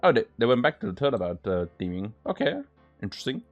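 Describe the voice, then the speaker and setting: A man's voice: on the low side, big pitch swings, quick pace, muffled recording, soft background music. A man hosting a casual let's-play, rambling with lots of filler words. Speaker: gaming channel host.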